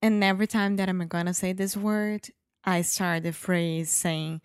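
A woman's voice: lowish voice, steady tone, unhurried, smooth, no room sound, clean studio sound. A Portuguese woman speaking English with a Portuguese accent in a casual chat, hesitant and laughing often as she searches for words. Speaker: co-host learning English.

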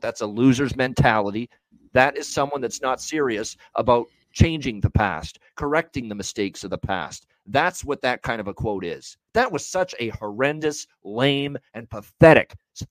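A man's voice: medium pitch, expressive, moderate pace, no room sound. A man co-hosting a hockey betting podcast, ranting bluntly with profanity and emphatic repetition. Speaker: co-host of a hockey betting show. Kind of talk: heated podcast commentary.

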